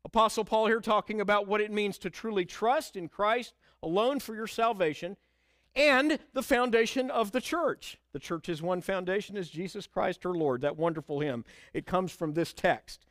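A man's voice: high voice, moderate pace, a bit bright, no room sound, studio quality. A man preaching an expository sermon, earnest and emphatic, quoting scripture and hymn lines.

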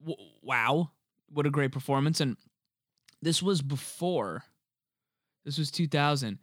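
A young man chatting casually about a movie, animated and joking, swearing freely. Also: a little high, dry recording, studio quality. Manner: animated, swears freely, quick jokey asides.

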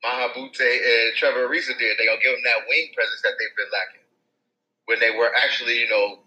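A man hosting a sports podcast, speaking softly and hesitantly with many restarts. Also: mid-range voice, steady tone, brisk, low-quality recording. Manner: hesitant, stammering, soft-spoken. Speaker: podcast host. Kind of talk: casual sports podcast chat.

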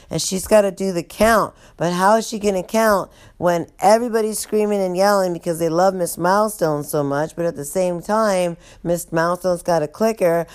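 A woman casually telling a funny, profane story in an animated way, laughing as she goes. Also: mid-range voice, clean tone.

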